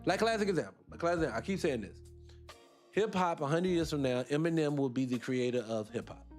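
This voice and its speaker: A man hosting a radio talk show, arguing his points in an animated, rhetorical way and repeating himself for emphasis. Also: on the high side, fast, faint music behind. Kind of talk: opinionated solo radio talk.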